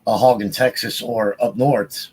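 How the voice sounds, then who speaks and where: A man's voice: on the low side, steady tone, a little slow, darkish tone, a little hiss or hum, rough recording. A man co-hosting a podcast livestream, talking loosely with frequent restarts and repeats. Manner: loose, repetitive, restarts often. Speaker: podcast co-host. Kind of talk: casual livestream chat.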